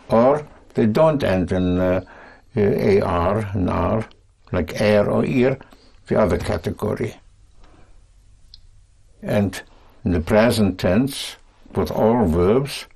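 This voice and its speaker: A man teaching a language lesson, speaking patiently and deliberately in short phrases. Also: low voice, gravelly, darkish tone, husky.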